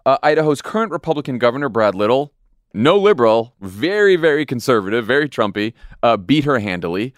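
A man's voice: medium pitch, very animated, brisk, no room sound, clean studio sound. A man hosting a podcast, talking politics in a conversational, wry way. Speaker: podcast host. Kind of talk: casual political chat.

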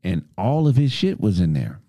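A man in casual group talk, telling stories with lots of profanity and acting out heated exchanges. His pitch swings widely as he talks. The sound is dry and close. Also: normal speed, no echo. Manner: animated storytelling, profane, acts out arguments in a raised voice. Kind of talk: casual chat.

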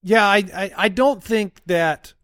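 A man hosts a sports podcast in easy conversational talk, running the show and quizzing his co-hosts. His voice sits a bit high, recorded close and dry with no room sound. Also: a bit bright, clean tone, no echo. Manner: leads the segment, reads names in a quick quiz. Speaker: podcast host. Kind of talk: casual sports podcast chat.

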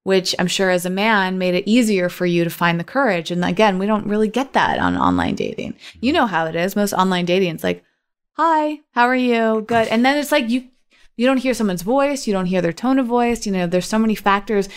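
A woman's voice: medium pitch, lively intonation, fairly quick, clean tone. A woman co-hosting a podcast, talking in a thoughtful, rambling way with many fillers. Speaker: podcast co-host. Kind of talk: casual chat.

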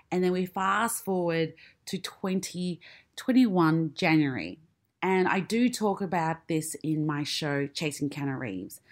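Slow, earnest woman. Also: on the low side. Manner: earnest and emotional, with dramatic pauses. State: close to tears. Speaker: podcast host and comedian. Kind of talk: personal monologue.

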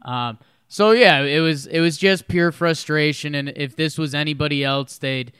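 Bright-voiced man in casual sports talk. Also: a little high, moderate pace, clean tone, dry recording, clean studio sound. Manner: laughing, playful, self-correcting. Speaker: podcast co-host.

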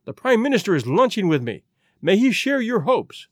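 An excitable young government secretary bursts out in agitated, emphatic lines, as a male reader puts him on. The voice runs high, lively and raised, and the recording is dry. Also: moderate pace, no room sound. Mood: excited.

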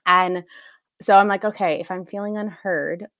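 A woman's voice: mid-range voice, fairly even intonation, moderate pace, a bit bright, no room sound, studio quality. A woman in her thirties co-hosting a casual chat, explaining her points and laughing easily. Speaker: podcast co-host.

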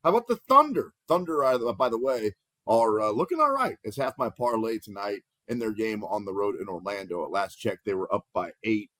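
A man's voice: lowish voice, very animated, a little fast, a bit bright, no echo. A man hosting a sports betting podcast who jokes around and reads out betting odds. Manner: jokey, plugs betting odds. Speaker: podcast host.

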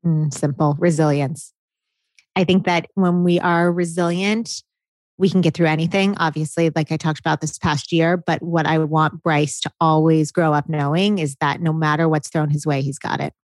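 This is a woman co-hosting a relaxed conversation. Her voice sits a little low, and the sound is dry and close. She tells stories in an animated way and laughs often. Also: normal speed, dry recording. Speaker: podcast co-host. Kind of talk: casual chat.

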